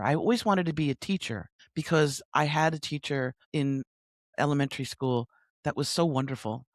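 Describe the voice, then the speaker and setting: A woman in her sixties, a coach telling stories as an interview guest on a remote call, lively and laughing often. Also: sits low, dry recording, studio quality. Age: 60s. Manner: lively, animated storyteller with frequent laughs. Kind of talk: conversational interview storytelling. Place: home near Sydney, remote call.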